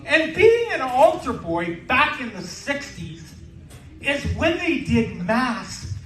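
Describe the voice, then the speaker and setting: A man's voice: extremely high pitch, sing-song, slow, a bit bright, soft background music. A man in his sixties doing a stand-up comedy set with brash, crude punchlines on a club stage in a casino. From Canada. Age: 60s. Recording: roomy live club sound from a distance with crowd noise.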